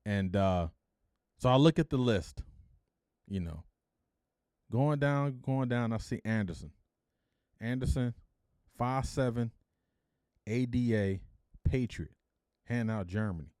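This middle-aged podcaster from Detroit, USA tells a story in a lively, easygoing manner, imitating the people he quotes and tossing in blunt, slangy remarks. His mid-range voice moves slowly, with long pauses. The recording is close and completely dry, without any room tone.

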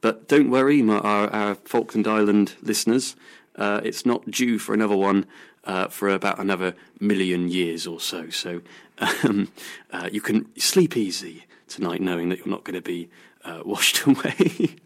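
A man's voice: lowish voice, fairly even intonation, moderate pace. Man hosting a radio science show. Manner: rambling with many fillers and restarts. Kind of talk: casual radio news chat.

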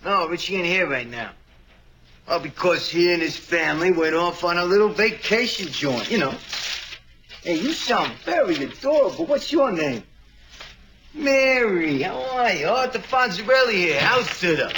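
A man's voice: high voice, very animated, normal speed. An actor playing a cocky young male greaser who answers a phone with swagger, heard as a noisy old TV clip.

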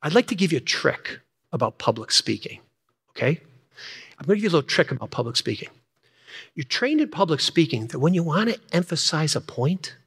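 An older man preaching a sermon in a bright, fairly high voice that rings through a hall with a long echo. He repeats key lines and swings from energetic, quick bursts down to hushed, near-whispered emphasis. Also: slightly rough. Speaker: pastor.

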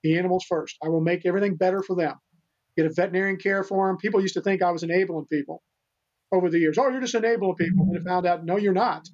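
An older man from the United States speaks in a high register, earnest and full of restarts as he tells his stories. The audio sounds dull and lo-fi, like a remote interview. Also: steady tone, quick pace, darkish tone. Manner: earnest, rambling, many restarts. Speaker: podcast guest, animal rescuer. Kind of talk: casual interview storytelling.

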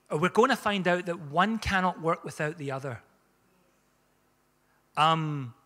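A middle-aged pastor preaches in a high, bright voice. He speaks in a conversational way and pokes gentle fun at himself. The sound has the long reverb of a church hall. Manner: conversational, self-deprecating humor. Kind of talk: sermon. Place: church sanctuary.

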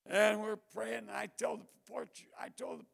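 An older man, a missionary preacher, telling stories in a sermon, moving from quiet asides to loud bursts. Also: high-pitched, little pitch movement, normal speed, gravelly. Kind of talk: storytelling sermon.

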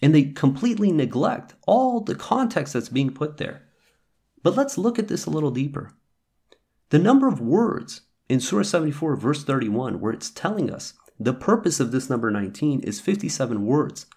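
A man teaching scripture on his podcast, his voice on the higher side and a little husky. He talks earnestly, swinging his pitch up and down as he reads and explains verses. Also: big pitch swings, normal speed, darkish tone. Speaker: podcast host. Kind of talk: religious teaching talk.

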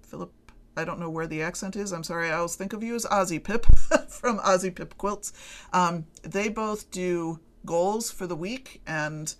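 A woman's voice: fairly low pitch, normal speed, fairly bright tone, slight background noise. A middle-aged woman hosting her own podcast, talking casually to listeners in a chatty, rambling, self-deprecating way. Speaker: podcast host. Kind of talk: casual solo podcast chat.

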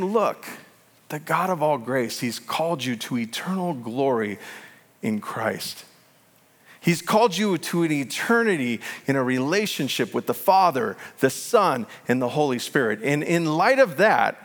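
Male pastor, lively sweeping delivery, gravelly edge, booming hall reverb. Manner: animated, acts out quoted voices, laughs at own jokes. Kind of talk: sermon.

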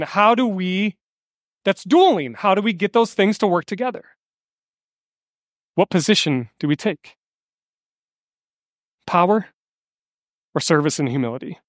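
High-voiced male pastor preaching. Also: no echo, studio quality. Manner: conversational preaching with anecdotes and audience questions. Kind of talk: sermon.

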